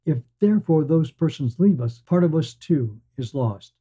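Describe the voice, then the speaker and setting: Male storyteller, measured wistful read, slightly high husky voice, muffled sound. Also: animated, warm tone. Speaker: podcast storyteller. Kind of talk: scripted first-person story narration. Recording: dull lo-fi sound.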